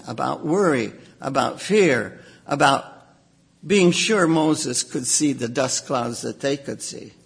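A man preaching a sermon, animated, acting out quoted voices with sudden outbursts. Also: a little high, gravelly, breathy edge.

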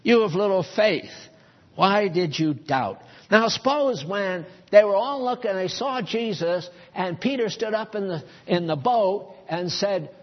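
A man's voice: sits high, lively intonation, unhurried, highs cut off. A man preaching a sermon in a church, folksy and conversational, chuckling at his own asides.

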